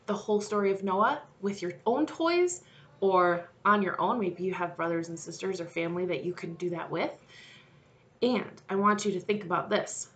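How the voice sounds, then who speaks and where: A woman leading a children's message, telling a story to kids in an animated way and speaking to them directly. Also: lowish voice.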